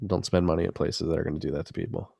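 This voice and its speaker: Male podcast co-host with a low, gravelly voice; dry close sound; rambling, swears freely. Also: little pitch movement, racing, dark tone, no echo. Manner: loose, rambling and profane. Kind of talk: casual podcast chat.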